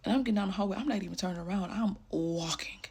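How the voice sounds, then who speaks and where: A young woman telling a personal story casually, full of "like", often dropping into a hushed voice. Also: mid-range voice, rapid-fire, a little hiss or hum. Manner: casual, fillers like "like", drops to hushed tones.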